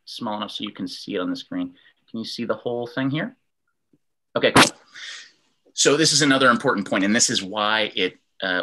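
A man leads an online fitness class over a video call, sharing his screen as he explains. His voice is bright and carries well, and it sits slightly low. He acts out example sentences in different tones as he teaches.

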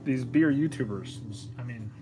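A man's voice: medium pitch, moderate pace, low-quality recording. A young man chatting offhand in a casual vlog, rambling and poking fun at himself. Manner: rambling, offhand, self-deprecating. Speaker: vlogger.

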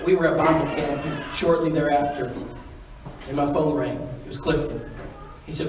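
A man's voice: a little high, normal speed, long pauses, a little mellow. A man preaching a sermon, telling a story in an earnest, pleading way with lots of repetition. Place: church auditorium. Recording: echoey church hall from far off.

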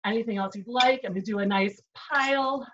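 A Chicago-accented woman teaching cooking in her home kitchen explains each step as she goes, chatty and full of "right?" and "um." Her fairly high voice moves a little fast, and the lo-fi recording, made from a distance, has a noisy background.

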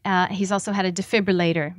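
A woman author from Massachusetts, speaking softly with many ums and reading from her novel at a bookstore event. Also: fairly low pitch, flat delivery, quick pace, no echo. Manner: soft-spoken, frequent ums.

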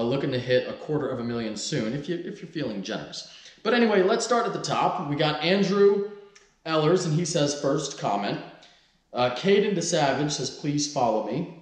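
A man's voice: fairly high pitch, echoey room. A man in his twenties, a car vlogger in casual vlog talk, loose and joking, who swears freely. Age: 20s.

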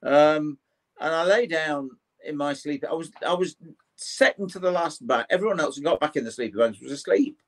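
An older Englishman, a historian and paranormal investigator, tells a personal ghost story in an interview, his voice fairly high at a moderate pace. He animates it by acting out the people's voices and swears mildly now and then.

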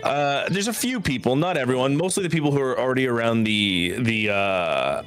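A man narrates as game master, his pitch in the middle range. His delivery is loose and halting, full of fillers. Faint music plays underneath. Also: animated, a bit bright.

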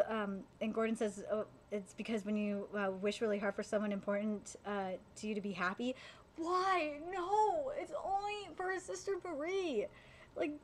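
Young woman, high voice, live reaction streamer: swears freely and yells in outrage. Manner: swearing, excitable, shouts in outrage. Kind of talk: live anime reaction commentary.

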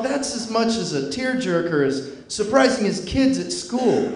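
Male stand-up comedian, deadpan and dry, high voice, roomy club sound. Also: a little slow, hardly any pauses. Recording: echoey club with loud crowd laughter.

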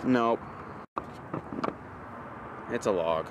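A young man with a lowish voice vlogs casually as he walks through an outdoor park, speaking extremely slowly over a little hiss or hum. He jokes and rants with mock exasperation.

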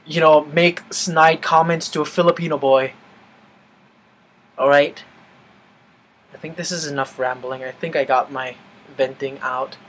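A young man venting in a casual vlog, animated and swearing freely. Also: fairly high pitch, rough recording. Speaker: vlogger.

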